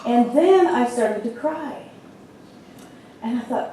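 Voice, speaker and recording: A middle-aged woman minister preaches in a chatty, storytelling way, her voice a little high and mellow. She is heard from a distance in a very echoey church hall with a faint hum behind her. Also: expressive, slow, long pauses. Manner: conversational, storytelling with frequent fillers. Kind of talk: sermon. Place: church sanctuary.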